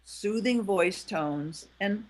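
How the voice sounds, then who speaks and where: A woman relationship expert and author, explaining in a calm, measured, gently instructive way. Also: mid-range voice. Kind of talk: explaining in conversation.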